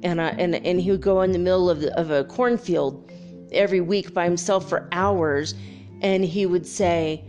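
A middle-aged woman telling a spiritual story in a candid, animated way, laughing often and acting out what others said. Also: on the low side, normal speed, faint music behind. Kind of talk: casual spoken storytelling.

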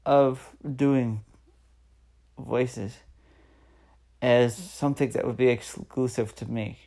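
Podcast host, male, 30s: slow, earnest pep talk, some vocal fry. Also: mid-range voice, fairly even intonation, warm tone. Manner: earnest, encouraging, repeats phrases for emphasis. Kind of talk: solo motivational podcast talk.

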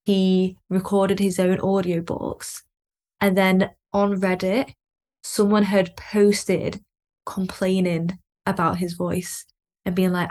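A woman's voice: mid-range voice, little pitch movement, slow pace, a little mellow. A woman hosting a podcast, talking in a chatty way with lots of fillers and easy laughter. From Lancashire, England. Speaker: podcast host. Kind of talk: casual podcast chat.

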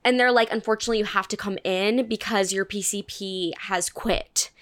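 A woman's voice: mid-range voice, moderate pace. Candid woman telling a story. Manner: candid, swearing, animated quoting of others. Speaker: podcast co-host. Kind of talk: casual storytelling chat.

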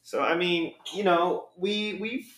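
A man's voice: sits high, fairly bright tone. A young man co-hosting a podcast, asking questions eagerly in casual chat. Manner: eager interviewer, quick backchannel replies. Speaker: podcast co-host. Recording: echoey room.

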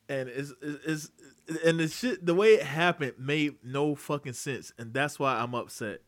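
A man co-hosting a casual podcast, talking in an animated, ranting way with frequent swearing. His voice sits a little higher than most men's. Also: normal speed. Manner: animated, swearing, laughing rants. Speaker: podcast co-host. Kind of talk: casual wrestling chat.

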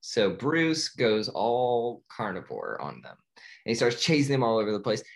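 A man's voice: medium pitch, sing-song, normal speed, vocal fry. A man retelling a film plot in casual chat, talking loosely with many fillers and restarts and laughing often. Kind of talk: casual movie recap chat.

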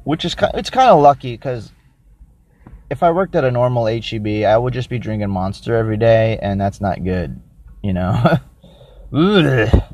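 A man hosting a casual solo podcast who rambles, thinks out loud and makes crude, self-mocking jokes while reviewing a drink. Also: lowish voice, moderate pace. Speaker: podcast host.

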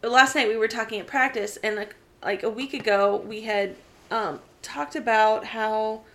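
A woman chatting casually, telling stories with quick laughs and acting out quotes. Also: a little high, fairly even intonation, fairly bright tone. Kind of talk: casual chat.

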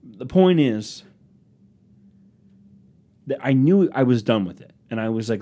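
Animated yet a little slow, this young host speaks at medium pitch with a dark tone and frequent pauses. He delivers a solo comic rant about rude customers on his podcast, sarcastically mocking them in put-on voices.

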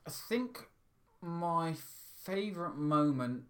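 Bright-voiced man, rambling chat. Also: fairly high pitch, animated, takes it slowly. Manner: enthusiastic, rambling with restarts. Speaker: podcast co-host. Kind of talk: casual chat.

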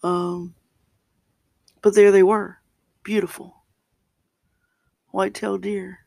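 A man with a fairly high voice and a gravelly edge reads scripture slowly, pausing between phrases. He talks as a pastor giving a reflective sermon. The sound is dry and close. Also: level tone, a little mellow, no echo. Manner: slow, deliberate reading with pauses and restarts.

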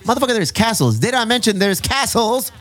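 A man telling travel stories in casual, profane, animated chat, slipping into quick impressions of friends. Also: very high voice, soft background music.

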